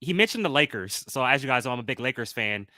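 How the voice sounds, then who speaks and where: A man's voice: mid-range voice, lively intonation, quick pace, sharp tone, no room sound. A man hosting a podcast, upbeat and chatty as he reads out listener comments. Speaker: podcast host. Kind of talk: casual podcast chat.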